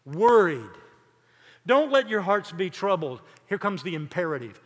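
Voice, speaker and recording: An older man preaching a sermon, emphatic, building lists of words with dramatic pauses. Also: high-pitched, very animated, a bit bright, long reverb tail. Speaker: pastor.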